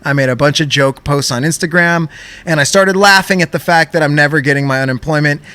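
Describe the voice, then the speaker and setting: A young man co-hosting a podcast, telling an animated story in casual chat and swearing often. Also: a little high, fairly quick, smooth, dry recording. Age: young adult. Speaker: podcast co-host.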